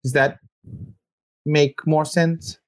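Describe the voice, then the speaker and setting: A man's voice: on the high side, level tone, drawn-out words, dry recording. Hesitant man running a tabletop game. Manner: hesitant, filler-heavy, easily amused. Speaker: game master.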